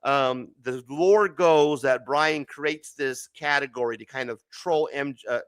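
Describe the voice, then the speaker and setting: A man's voice: medium pitch, measured pace, a bit bright, smooth, dry recording. A man from Arizona hosting a casual late-night comics show, joking and laughing often. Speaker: host.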